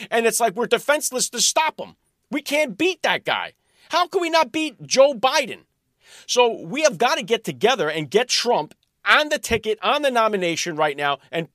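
Man, host, high voice, lively swooping delivery, emphatic, combative, dry close sound. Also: dry recording. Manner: emphatic, combative, stumbles and repeats words. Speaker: show host. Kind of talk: political commentary monologue.

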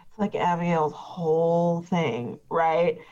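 A woman's voice: low-pitched, slow, a little mellow, voice pushed down. A woman voicing a chatty, petty witness who rambles with many fillers and gets defensive. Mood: rambling. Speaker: player voicing a trial witness. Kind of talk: improvised tabletop role-play. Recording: dull lo-fi recording.

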